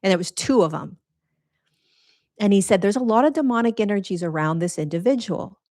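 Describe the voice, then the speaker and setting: A woman's voice: mid-range voice, animated, fairly quick, dark tone, no echo, studio quality. A middle-aged woman giving an earnest, rambling spiritual talk to her followers, casual and conversational with many restarts and fillers. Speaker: spiritual teacher.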